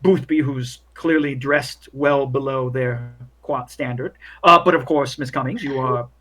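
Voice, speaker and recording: Husky-voiced man running a tabletop game. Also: mid-range voice, steady tone, a little slow, fairly bright tone. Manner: casual, rambling, many fillers. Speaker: game master.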